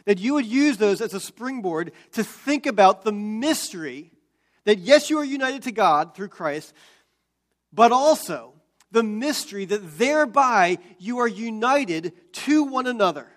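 A man preaching a sermon as pastor, explaining scripture and building to loud, emphatic peaks. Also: high voice, animated, unhurried.

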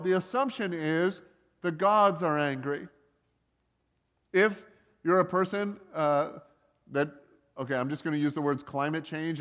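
A man delivers a relaxed sermon, telling a story in plain talk and breaking off for wry asides. His voice sits a little high for a man, and the recording carries the long ringing reverb of a large hall. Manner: conversational, joking asides, many likes and uhs. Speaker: preacher.

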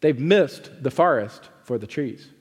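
A man preaching a sermon as a pastor, swinging between forceful emphasis and hushed pleading. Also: mid-range voice, animated, a little slow, husky, big-room sound.

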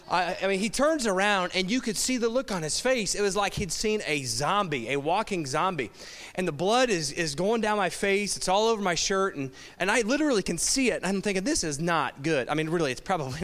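A man's voice: sits high, a bit bright. A middle-aged man, a pastor, telling a wry, self-mocking story in a sermon. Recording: long hall reverb.

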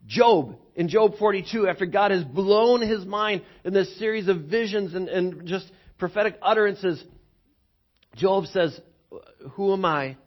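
Male pastor with a high voice, preaching an animated sermon with stumbling repeats, recorded lo-fi. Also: a little slow. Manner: animated storytelling with many repeated words. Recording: dull lo-fi recording.

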